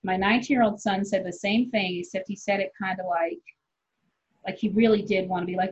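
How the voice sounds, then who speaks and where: A woman's voice: mid-range voice, steady tone, husky. Rambling, foul-mouthed woman comedian. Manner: rambling, candid, swears freely, quick laughs. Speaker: comedian guest. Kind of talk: casual podcast chat. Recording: dull lo-fi sound.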